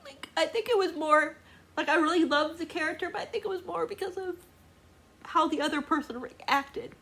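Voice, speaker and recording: A woman's voice: very high voice, fast talker, fairly bright tone. A woman book vlogger talking casually and emotionally, crying and laughing through tears as she talks to the camera. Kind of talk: casual reading vlog.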